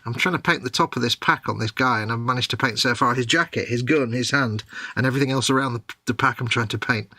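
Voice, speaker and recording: A man's voice: mid-range voice, quick pace, pushed and bright, dry recording, studio quality. A man chatting casually while painting a model, laughing along and teasing his friend. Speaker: co-host of a model-building stream.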